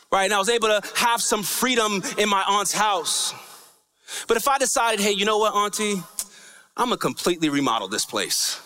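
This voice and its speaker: A man with a high, bright, forceful voice preaches a sermon in a church. He keeps it conversational, tossing in "right?" to the congregation, and lets key lines lift into a lilting, sing-song cadence. His voice rings out with the long reverb of a large hall. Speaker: pastor.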